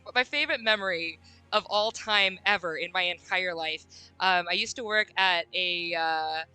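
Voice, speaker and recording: A woman streaming a game, chatting casually and reading dialogue aloud, giggling and gushing with squeaky quoted voices. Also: pushed and bright, dry recording, poor audio.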